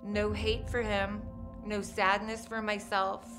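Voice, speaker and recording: A woman giving documentary interview testimony as a crime survivor, in a measured, halting, hushed way. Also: medium pitch, flat delivery, music in the background.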